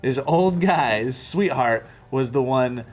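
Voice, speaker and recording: A young male host in casual chat, recounting stories with animated energy. His pitch sits at a middling height but swings freely as he talks. He tosses in quick asides along the way. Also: soft background music. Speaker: show host.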